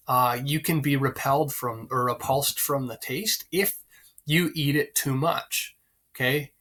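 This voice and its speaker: Male teacher, bright clear voice, casual lesson delivery with plenty of fillers. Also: mid-range voice. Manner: conversational, many fillers, pauses to find lines. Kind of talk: explaining a play to students, casual.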